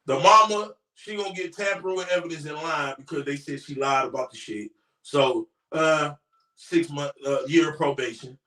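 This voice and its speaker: A man giving a brash, profane commentary on a crime story on his YouTube channel, often shouting. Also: fairly high pitch, moderate pace, far from the mic. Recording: roomy echo, voice away from mic.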